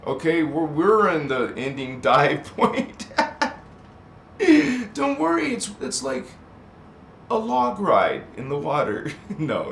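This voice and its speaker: A middle-aged man hosts a live stream on his channel, reading viewer comments aloud and rambling off on tangents while laughing often. His voice is medium-pitched and fairly bright. The recording has a roomy echo and slight background noise.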